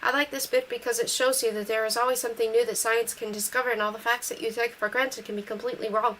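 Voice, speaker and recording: A woman reads a novel aloud in steady first-person narration. She reads quickly in a fairly high voice. Faint noise sits behind her. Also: rough recording. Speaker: audiobook reader.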